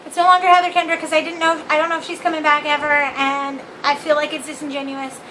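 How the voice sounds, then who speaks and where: A woman's voice: sits high, level tone, fast, sharp tone, a little hiss or hum, low-quality recording. A young woman vlogging from her living room on a phone, ranting candidly with swearing and self-mockery. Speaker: vlog host. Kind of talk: casual opinion rant to camera.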